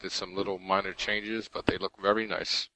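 Male podcast co-host, low but bright, animated storyteller who laughs a lot. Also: moderate pace, no room sound, rough recording. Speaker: podcast co-host reading listener mail. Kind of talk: casual gaming podcast chat.

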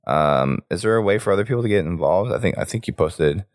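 A man hosting a casual gaming podcast with a hoarse voice he is losing, rambling through the show's sign-off and plans. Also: lively intonation, quick pace, no echo, clean studio sound. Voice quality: very deep gravelly voice. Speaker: podcast host.

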